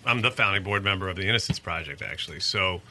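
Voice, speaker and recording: An earnest man guesting on an interview tells animated stories in a casual, loose way. His voice is bright and forceful, a little low in pitch, and faint noise sits behind it. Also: fast. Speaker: guest, musician and advocate.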